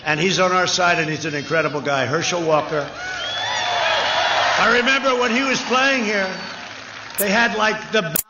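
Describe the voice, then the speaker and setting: A political rally speaker, high-pitched and bright with a forceful tone, talks at a moderate pace in an off-the-cuff speech that is emphatic, repetitive and prone to rambling asides. The large outdoor rally is captured in lo-fi through an echoey PA, with a little hiss or hum and a cheering crowd.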